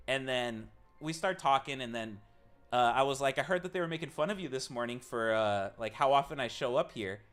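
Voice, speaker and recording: A man's voice: mid-range voice, a bit bright. A man streaming live, casually telling a long story to his chat, swearing freely and acting out the people he quotes.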